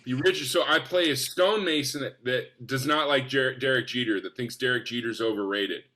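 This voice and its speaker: A man from the US Northwest telling stories in a casual podcast chat, enthusiastic and animated, acting out what people said. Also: medium pitch, fairly quick. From Spokane, US. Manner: enthusiastic, animated, acts out quotes. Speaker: actor guest.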